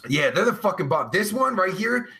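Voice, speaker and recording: A man talks casually on a live stream in a high, bouncy voice that swings all over. His tone is bright and sharp, and his talk is rambling and crude, heavy with filler words and swearing. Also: very animated. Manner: drawn-out groaning sighs of pleasure. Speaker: live-stream show host reading chat.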